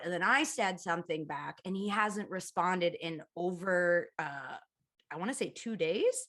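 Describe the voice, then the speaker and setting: A woman guest telling a story in casual comedic chat, animated, self-mocking and swearing freely. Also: lowish voice, a little slow. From Canada. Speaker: podcast guest.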